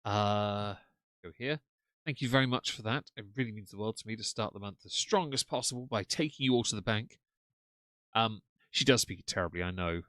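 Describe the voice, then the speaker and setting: A man's voice: lowish voice, brisk, pushed and bright, no room sound. A man giving sardonic, mocking live-stream commentary to his chat from a home desk microphone. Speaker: streamer reacting to clips. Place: home room.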